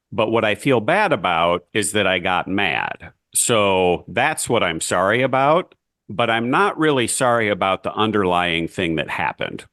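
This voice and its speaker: Low-voiced male podcast co-host, curious, asks questions, dry close sound. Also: a bit bright, no echo. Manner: curious, poses questions and scenarios. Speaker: podcast co-host, band teacher. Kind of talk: advice podcast discussion.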